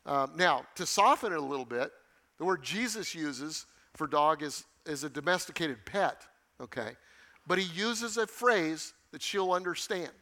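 Man, middle-aged pastor, sermon, high voice, emphatic, repeats phrases. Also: lively intonation, a little slow, bright, forceful tone.

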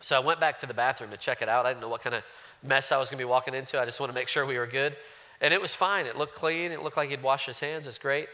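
Bright-voiced earnest male preacher. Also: mid-range voice, fast. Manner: earnest, conversational preaching with frequent restarts. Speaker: pastor. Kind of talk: sermon.

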